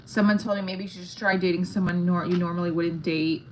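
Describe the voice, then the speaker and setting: A woman's voice: on the low side, fairly even intonation, quick pace, a little mellow, a little hiss or hum, poor audio. A woman comedian chatting frankly on a phone livestream from home, rambling and swearing casually. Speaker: stand-up comedian.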